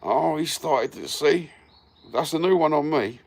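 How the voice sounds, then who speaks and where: A livestream host with a London accent chats casually with live viewers on his phone, blunt, sweary and full of banter. His voice sits on the high side, creaky, at a measured pace.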